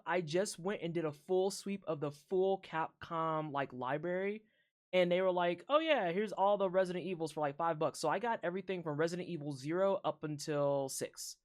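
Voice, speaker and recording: A woman streamer reacting to game trailers live, rambling and swearing with animated asides to chat. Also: fairly low pitch.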